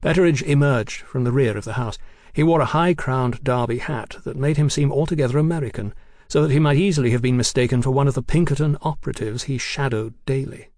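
A man narrating a novel as an audiobook, measured and descriptive. His voice sits at a middling pitch. The recording is dry and close, with no room sound. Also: a little mellow, no room sound.

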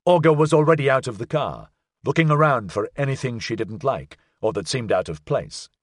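Male narrator, audiobook, measured, expressive, lively pitch, dry close studio sound. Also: dry recording. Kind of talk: scripted narration.

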